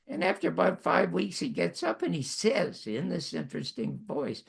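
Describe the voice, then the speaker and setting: Gravelly, husky man in his nineties. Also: high-pitched, big pitch swings, normal speed. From Canada. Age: 90s. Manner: wry, self-mocking storytelling. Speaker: host. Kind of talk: storytelling monologue.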